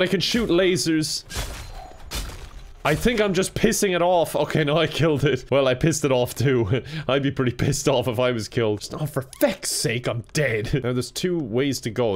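An Irish man commentating a video game with sarcastic jokes and frequent laughter. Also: mid-range voice. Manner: sarcastic, jokey, laughs a lot. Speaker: gaming YouTuber.

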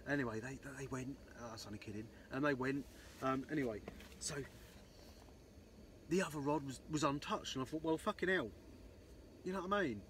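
In a medium-pitched, somewhat bright voice and at a fairly quick clip, a man who vlogs about angling tells a meandering fishing tale. He swears nonstop and keeps saying "um, so anyway." There's slight hiss or hum on the recording.

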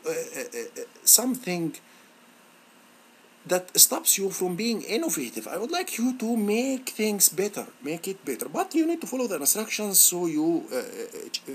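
Man with a lively, animated teaching voice. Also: high-pitched, a little hiss or hum. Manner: halting, many fillers and restarts, encouraging. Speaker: instructor. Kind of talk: screen-recorded software tutorial.

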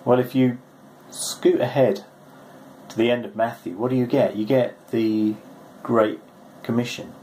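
A male pastor giving a short, gentle, conversational devotional, reading scripture aloud. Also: medium pitch, steady tone, a little slow, slight background noise, poor audio.

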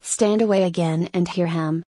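Woman reading a wry rambling sailor talking to himself, lowish voice, dry sound. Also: steady tone, moderate pace, warm tone, dry recording, natural voice. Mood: musing. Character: jaunty male sailor musing aloud. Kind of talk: audiobook reading.

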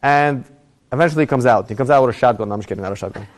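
A young adult man, a rabbi giving a Torah class, tells a personal story in a storytelling lecture. He speaks rapid-fire in a mid-range voice that rises as the story gets tense.

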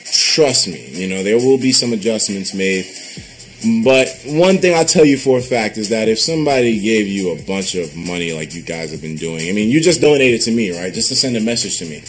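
A man's voice: fairly low pitch, fairly quick, soft background music. A man talking casually on his livestream, swearing freely and reading out viewer messages. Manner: animated, swearing, bursts into laughter; reads out viewer donation messages.

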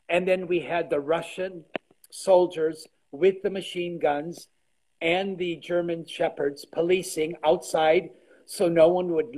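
Animated older man telling stories. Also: on the high side, rough recording. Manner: animated storyteller, trailing restarts. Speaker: guest artisan. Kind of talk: casual interview chat. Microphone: video call.

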